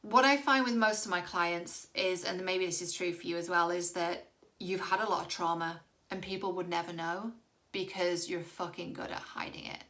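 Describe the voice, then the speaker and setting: A woman's voice: on the low side, moderate pace, bright, forceful tone. A woman dating coach giving direct-to-camera relationship advice, candid and reassuring, with the odd casual swear.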